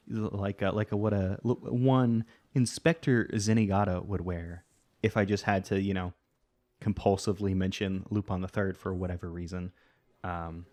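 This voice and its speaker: A man's voice: deep voice, fairly even intonation, normal speed, darkish tone. A man hosting a let's play, giving casual gameplay commentary and thinking aloud in a rambling way full of fillers.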